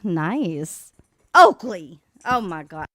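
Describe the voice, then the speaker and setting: A woman's voice: mid-range voice, expressive, measured pace, clean tone, no echo, clean studio sound. A woman hosting a casual livestream from home beside an open back door, chatting and greeting viewers by name. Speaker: livestream host. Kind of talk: casual live chat. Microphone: desk microphone.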